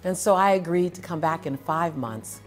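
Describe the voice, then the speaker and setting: A middle-aged woman, a motivational speaker, telling a story in a lively way, laughing and acting out voices. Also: normal speed, faint music behind. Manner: lively, laughing, acts out voices with big pitch jumps. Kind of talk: animated storytelling.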